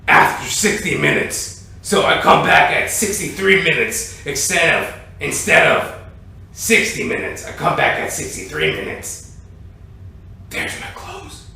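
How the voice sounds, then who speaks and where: Male comedian, bright, slow, profane rambling rant, distant mic in a roomy space. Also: a little high, gravelly. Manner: profane, rambling, keeps saying "ladies and gentlemen". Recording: echoey room, distant mic, faint noise.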